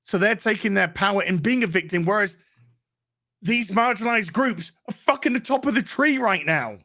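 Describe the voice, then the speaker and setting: A man with a high, very animated voice rants emphatically on a casual panel. His tone is bright and sharp, and he stacks up repeated words. The sound is dry and close. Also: moderate pace, no room sound. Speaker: panel co-host. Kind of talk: heated casual panel chat.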